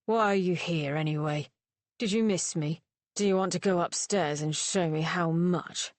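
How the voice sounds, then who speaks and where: A woman's voice: lowish voice, moderate pace, dry recording, lightly acted. A woman voicing a surly, drunken young male rake who sneers and insults everyone around him.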